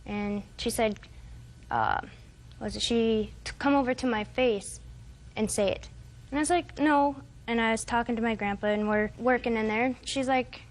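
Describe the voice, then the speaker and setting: A woman's voice: on the high side, normal speed. A woman in her twenties giving testimony as a defendant in court, rambling and hesitant, quoting what others said. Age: 20s.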